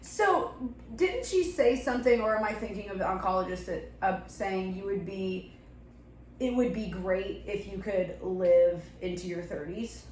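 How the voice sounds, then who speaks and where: A woman conducts an interview, asking gentle, probing questions at an ordinary pitch. The room is echoey, with a faint hiss in the background. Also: unhurried. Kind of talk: recorded interview.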